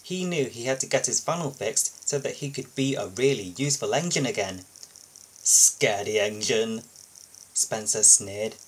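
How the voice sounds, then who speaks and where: Man, children's storybook narration, sing-song, very lively pitch, husky. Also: normal speed, hardly any pauses, low-quality recording. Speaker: storybook reader. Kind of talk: children's storybook read-aloud.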